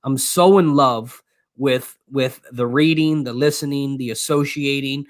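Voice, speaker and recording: A man co-hosting a motivational faith talk, speaking with energetic, preacherly fervor and a habit of repeating his phrases. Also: on the high side, no echo, clean studio sound. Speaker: co-host.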